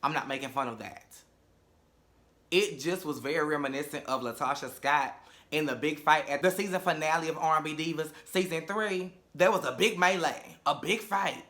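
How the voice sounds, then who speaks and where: A man's voice: fairly high pitch, moderate pace, sharp tone. A man giving a casual reality TV episode review, sassy and profane, with campy asides. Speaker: reality TV recap vlogger.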